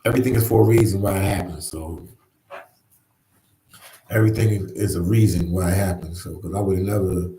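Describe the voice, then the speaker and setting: Casting: laid-back male livestream host, lowish voice, echoey room, chats loosely with viewers. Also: steady tone, brisk, long pauses, warm tone, slight background noise. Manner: easygoing, repeats phrases, says "man" often. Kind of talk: casual live chat. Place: New York.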